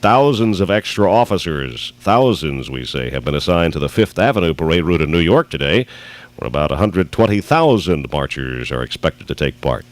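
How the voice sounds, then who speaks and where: A man's voice: extremely low pitch, very animated, normal speed. A man co-hosting a midday radio show, trading banter and reading wry, mock-formal commentary in a dry, droll way. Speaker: radio co-host.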